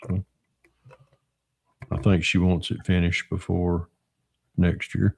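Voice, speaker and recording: A man's voice: low voice, flat delivery, takes it slowly, creaky, darkish tone, breathy edge. A middle-aged man from Northwestern Georgia with a Southern accent, hosting a casual livestream while he builds a model car and answers chat in a folksy drawl.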